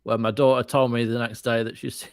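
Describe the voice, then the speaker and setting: A man's voice: mid-range voice, flat delivery, fairly quick. Sheepish man chatting on a podcast. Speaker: podcast co-host. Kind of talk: casual chat.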